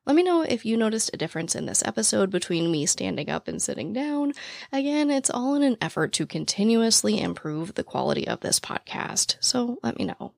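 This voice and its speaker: A woman hosting a podcast after-show in casual chat, with a naturally raspy voice, talking very fast and out of breath. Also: on the high side, dry recording, studio quality. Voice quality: naturally raspy voice with vocal fry. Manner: talks very fast, excited and rambling. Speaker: podcast host. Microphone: studio microphone, standing.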